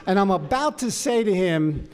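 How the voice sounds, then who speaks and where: A man from Los Angeles telling his life story at a recovery meeting, animated and profane. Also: high-pitched, moderate pace, slight background noise. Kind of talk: personal story talk.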